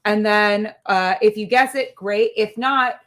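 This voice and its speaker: A woman's voice: mid-range voice, a little slow, fairly bright tone. Giggly woman co-host bantering playfully. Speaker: podcast co-host. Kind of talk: casual livestream chat.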